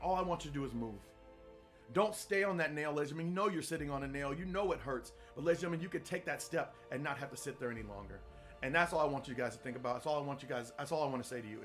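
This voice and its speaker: A man's voice: mid-range voice, a bit bright. A man hosting a podcast, giving an earnest, repetitive motivational talk in a preacher-like manner. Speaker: podcast host. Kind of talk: motivational monologue.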